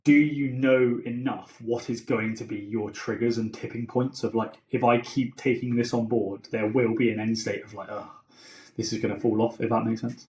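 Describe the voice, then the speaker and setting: A man's voice: mid-range voice, fairly even intonation, moderate pace, few pauses, a little mellow. A man co-hosting a podcast, chatting casually and rambling through stories with many restarts. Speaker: podcast co-host. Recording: roomy echo.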